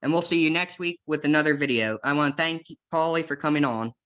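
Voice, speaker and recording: An upbeat man runs an interview show and wraps it with a direct sign-off. His voice is bright and forceful, pitched slightly high. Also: fast talker. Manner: upbeat, direct host patter. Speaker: interview host. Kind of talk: interview and channel outro.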